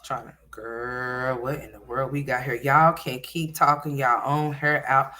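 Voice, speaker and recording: A woman hosting a casual livestream chat, loud and scolding one moment and joking the next. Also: extremely low pitch, level tone, a little slow. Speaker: livestream host.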